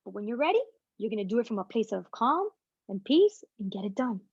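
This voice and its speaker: A woman guest speaker giving a casual, energetic motivational talk to a team over a video call, with plenty of slang. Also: fairly high pitch, brisk, breathy edge, no room sound, lo-fi sound.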